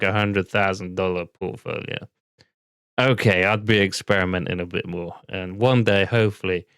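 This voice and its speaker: A man's voice: lowish voice, vocal fry, a bit bright, clear, resonant tone, no echo, studio quality. A man, casually reacting to a stock video and bluntly swearing at his computer.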